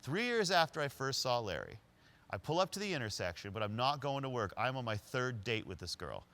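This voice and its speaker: Man telling a lively leadership story. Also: medium pitch, a little fast. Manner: lively storytelling that acts out quoted voices. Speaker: leadership speaker. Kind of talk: storytelling talk.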